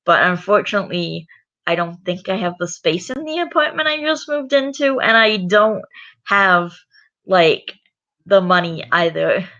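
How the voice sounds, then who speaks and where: A woman's voice: lowish voice, expressive, measured pace, sharp tone, dull audio. A young woman YouTuber chatting casually between read-aloud lines, laughing often and saying "like" a lot. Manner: chatty, laughs often, many filler likes. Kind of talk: casual read-along chat.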